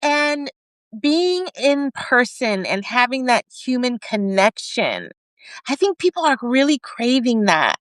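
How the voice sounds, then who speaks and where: Woman host, smooth clear voice, dry close sound, gets emotional. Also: fairly high pitch, slow pace, dry recording. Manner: warm-hearted, emotional, animated. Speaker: podcast host. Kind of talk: casual conversation.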